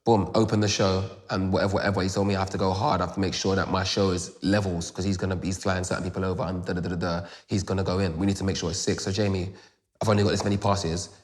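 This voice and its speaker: A young man with a London accent, telling a story in a casual interview with rapid, animated retelling full of "boom" and "da da" fillers. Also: long reverb tail. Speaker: grime MC, interview guest.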